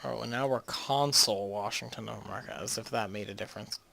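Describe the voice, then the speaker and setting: A man with a sharp-toned, fairly low voice and vocal fry talks fast while commenting casually on a strategy game in his gaming video. He rambles and cracks jokes, frequently restarting sentences and trailing off partway through.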